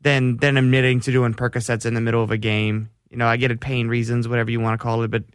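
Male co-host, mid pitch, dry studio sound, heated and exasperated takes. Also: flat delivery, fast, clear, resonant tone, no room sound. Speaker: sports radio co-host. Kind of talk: casual sports talk.

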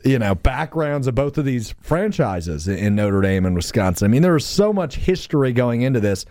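A man hosting a sports radio show, teasing his co-host with quick banter and reading sponsor copy. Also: medium pitch, big pitch swings, warm tone.

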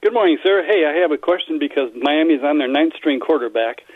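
A man's voice: fairly high pitch, fairly quick, no echo. A man calls in to a sports radio show, polite and getting straight to his question. His voice comes through a narrow, tinny phone line with a dry sound. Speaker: caller.

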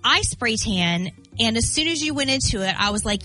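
A woman in her forties co-hosts a morning radio show, chatty and candid. Her voice is bright and sits a little high, and her pitch swings widely as she talks. Faint music plays underneath. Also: expressive, moderate pace. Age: 40s. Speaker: radio co-host.

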